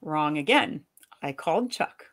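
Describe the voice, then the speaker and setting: A woman's voice: low voice, lively intonation, measured pace. A woman in a live reading, voicing an angry, sarcastic wife and mother scolding her husband. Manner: sharp, sarcastic.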